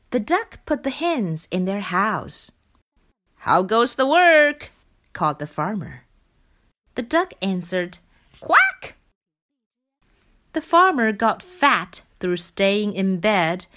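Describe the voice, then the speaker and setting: A woman reading a children's picture book aloud in an expressive, sing-song storytelling manner. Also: mid-range voice. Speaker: storybook reader.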